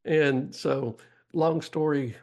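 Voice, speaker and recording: A man's voice: fairly high pitch, slow, darkish tone. A middle-aged man with a Texas accent, a podcast guest telling long, folksy stories in a rambling way. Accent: Texan. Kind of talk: storytelling interview.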